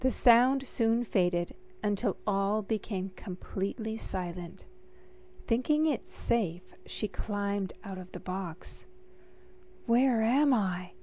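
A woman reading a picture book aloud in a gentle, measured storytelling manner. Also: mid-range voice, slight background noise. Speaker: storybook reader.

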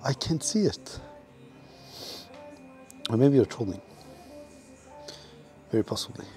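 Male streamer at the gym, slow and mellow delivery, swears freely, mocks himself, faint music behind. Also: mid-range voice, lively intonation. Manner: profane, self-mocking banter with chat. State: out of breath at times. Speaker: livestreamer. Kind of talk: casual livestream chat while working out.

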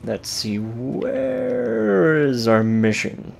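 A man chats his way through a game in relaxed let's-play commentary, drifting from joke to joke and swearing without a second thought. His pace is slow and unhurried, and his pitch sits in an ordinary middle range. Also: vocal fry, a little hiss or hum. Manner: joking, rambling, swears casually. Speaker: gameplay commentator.

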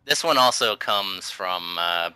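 Man, podcast host, lowish pitch, smooth, laid-back, dry sound. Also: expressive, slow pace, sharp tone, no room sound, rough recording. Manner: laid-back, laughs, many fillers. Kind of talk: casual interview chat.

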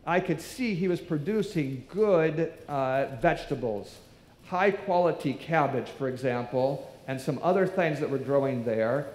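In an echoey church hall, a man preaches a sermon, telling a story and acting out the voices of its characters. His voice is a little high and expressive, with a darkish tone and a slightly slow delivery.

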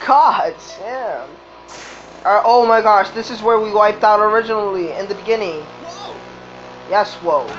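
A woman doing game commentary, swearing often and reacting loudly to the race. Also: mid-range voice, moderate pace, background noise. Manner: profane, excitable, swearing at the game. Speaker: gamer. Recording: dull lo-fi recording with game music.

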